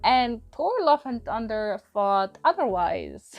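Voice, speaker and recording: A woman's voice: fairly high pitch, sing-song, takes it slowly, lo-fi sound. Exasperated woman reviewing a film, faint music behind. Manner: exasperated, rambling, frequent laughs and restarts. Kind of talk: casual spoken movie review.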